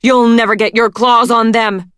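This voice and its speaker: A woman voicing an old, maimed male dragon guardian from a storybook, shouting fiercely. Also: fairly high pitch, lively intonation, measured pace, no echo, studio quality, pitched above the performer's own voice. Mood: furious.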